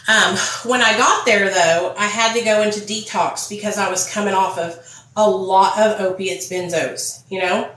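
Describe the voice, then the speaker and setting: A woman's voice: mid-range voice, steady tone, moderate pace, fairly bright tone, echoey room, rough recording. A young woman vlogger chatting candidly and swearing freely as she tells her story while doing her makeup. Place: indoor room, phone ringing.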